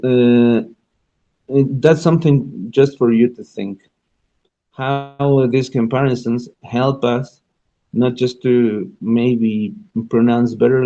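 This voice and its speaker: Spanish-speaking guy hosting radio in english, slow and halting, lots of uh and restarts, muffled sound. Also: mid-range voice, mellow. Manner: halting, many restarts and fillers, thinking aloud. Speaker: radio show host. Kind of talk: unscripted radio talk about learning languages.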